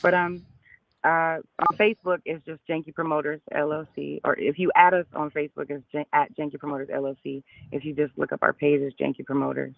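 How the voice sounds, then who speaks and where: Gravelly comedy promoter on a talk show. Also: male voice, a little high, little pitch movement, brisk, no echo, lo-fi sound. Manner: chatty, laughs easily, restarts phrases. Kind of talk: casual interview chat.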